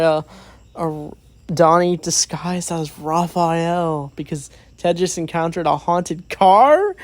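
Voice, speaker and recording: A man's voice: on the high side, dry recording. A man giving a casual, rambling movie review, recapping the plot with many fillers and quoted lines.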